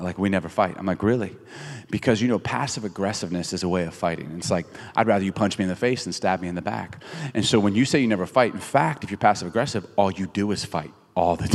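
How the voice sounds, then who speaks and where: A middle-aged man preaching a sermon in a large theater, telling jokes and acting out quotes with lots of energy. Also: on the low side. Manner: animated storytelling with jokes and acted-out quotes. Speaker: pastor. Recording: long reverb of a big theater hall.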